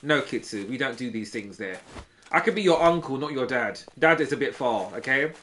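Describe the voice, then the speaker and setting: A man's voice: mid-range voice, lively intonation, moderate pace, a bit bright, slight background noise. A man in his thirties, a gaming streamer rambling through a gossipy story and teasing his chat. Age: 30s.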